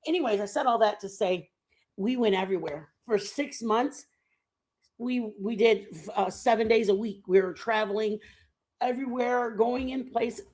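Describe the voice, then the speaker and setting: A woman's voice: fairly high pitch, moderate pace, darkish tone. A woman in her fifties from the United States, chatting casually and rambling to her viewers on a live stream. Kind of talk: casual chat.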